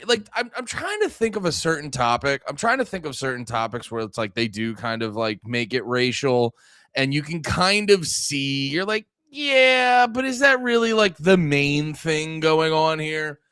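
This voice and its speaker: A man's voice: a little high, sharp tone, no echo. A man hosting a livestream podcast, ranting angrily and profanely, rambling with many restarts into a close mic.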